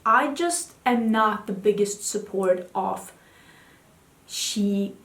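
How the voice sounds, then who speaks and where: A woman beauty vlogger chats candidly about makeup in a mid-pitched voice. The room around her rings with echo. She rambles a little and speaks her mind plainly. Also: slow pace, a bit bright. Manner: chatty, candid, talks to her cat in a high baby voice. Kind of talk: casual chat.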